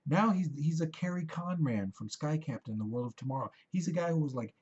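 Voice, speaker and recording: Profane rambling man, husky and dull-sounding. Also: a little high, expressive, a little fast, darkish tone. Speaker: vlogger. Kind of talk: rambling monologue to camera.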